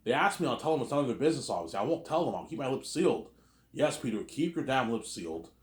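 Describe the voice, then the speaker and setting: Over-dramatic man, lively roomy voice. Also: medium pitch, quick pace. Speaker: video creator. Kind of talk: acting out an imagined argument, playing every side. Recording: roomy echo.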